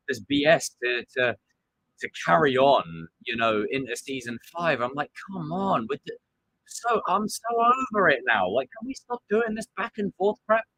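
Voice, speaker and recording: A man hosting a live stream, chatting casually and excitably about a TV show and acting out quotes. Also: on the high side. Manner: animated, excitable, acts out quotes.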